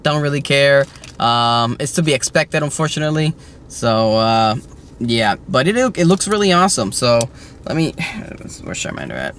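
A man chatting casually while unboxing toys, excitable and rambling, joking with his viewers. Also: medium pitch, a little hiss or hum. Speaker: toy collector vlogger.

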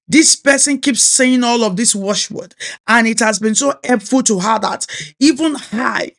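A Nigerian-accented woman minister delivering a sermon with steady, earnest urgency. She exhorts her listeners and drives her main points home by repeating them. Her first language is Yoruba. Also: a little high, unhurried.

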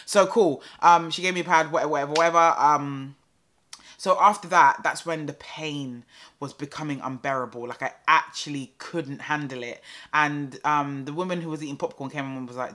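A young woman telling a story casually to camera, chatty and animated with lots of fillers and repeats. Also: low-pitched, fairly quick. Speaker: vlogger.

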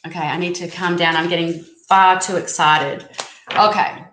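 A woman hosting a casual live-stream tarot reading, chatty and excitable as she reads out viewer comments. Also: lowish voice, moderate pace. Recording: echoey room, faint background noise.

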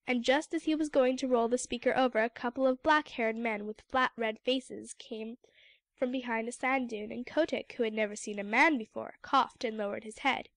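Casting: woman audiobook narrator, fairly high voice, dry close mic, measured storytelling. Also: fairly even intonation, a bit bright, dry recording. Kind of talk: scripted narration.

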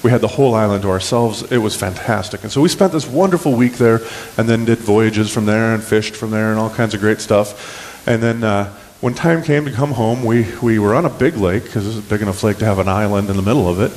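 A man preaching a sermon in a relaxed, folksy, storytelling manner, with plenty of ums and restarts. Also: fairly low pitch, brisk, in a large hall, slight background noise. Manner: folksy, conversational, many fillers and restarts. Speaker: pastor. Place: church sanctuary.

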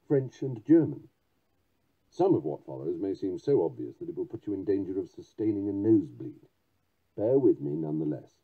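A man's voice: deep voice, husky. Precise man reading poetry lessons. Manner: measured, precise, demonstrating stress patterns. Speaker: audiobook narrator. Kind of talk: reading a poetry textbook aloud. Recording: tinny phone-like lo-fi audio.

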